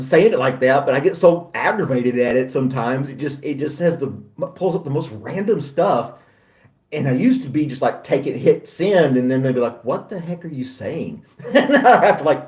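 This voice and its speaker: A man's voice: medium pitch, darkish tone, echoey room, far from the mic. A middle-aged man hosting a casual chat, talking in a chatty, self-deprecating way and laughing often. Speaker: host.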